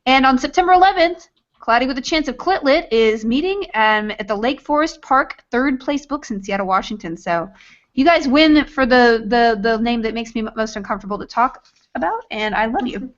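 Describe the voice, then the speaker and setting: High-voiced chatty woman hosting a hangout. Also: moderate pace. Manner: chatty, announces meetups with playful asides. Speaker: book club host. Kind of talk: casual video hangout chat. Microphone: video call. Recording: dull lo-fi video call audio.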